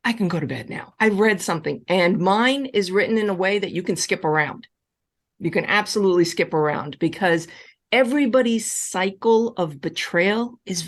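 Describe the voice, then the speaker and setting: A woman relationship coach answering audience questions in a live online session, speaking emphatically and repeating key reassurances. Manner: animated, with wide swings in pitch.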